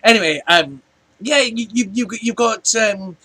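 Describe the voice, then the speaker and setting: A man's voice: high-pitched, animated, unhurried, pushed and bright, breathy edge. A Scottish man in his forties ranting casually to camera, rambling and chatty with lots of restarts. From Scotland. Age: 40s. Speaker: vlogger. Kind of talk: casual rant.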